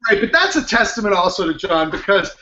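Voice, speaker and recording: Middle-aged male actor guest, high bright voice, animated anecdote teller, lo-fi video call. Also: fast talker. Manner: animated storyteller, acts out quotes, laughs often. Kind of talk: casual interview chat. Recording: dull lo-fi video call audio.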